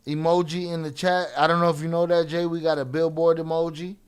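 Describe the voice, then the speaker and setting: Higher-voiced laughing stream host. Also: male voice, little pitch movement, a little fast, clear, resonant tone. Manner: laughs often, hypes the chat. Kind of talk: casual live-stream chat.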